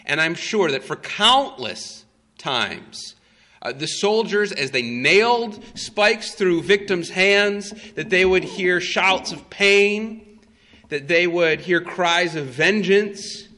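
A man preaching a sermon, his voice bright and forceful and set a little high. He tells the story with slow emphasis and frequent "uh" fillers. Long reverb from a large hall trails behind his words. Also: expressive.

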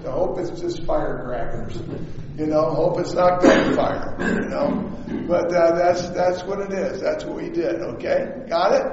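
A man's voice: sits high, a little mellow, slight background noise. A man preaching a storytelling sermon, chatty and often checking in with his listeners. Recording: echoey hall, dull lo-fi sound.

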